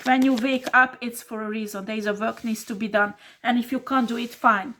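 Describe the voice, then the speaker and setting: A woman tarot reader delivers a blunt, scolding monologue, full of swearing. Her voice sits fairly high, and her English has non-native phrasing. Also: fairly even intonation, moderate pace, hardly any pauses, a bit bright, slight background noise.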